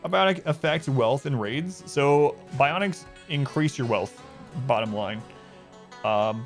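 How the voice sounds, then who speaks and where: Chatty man streaming with faint music behind. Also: medium pitch. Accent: faint regional American. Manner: chatty, rambling, sarcastic asides. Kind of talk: casual live-stream chat.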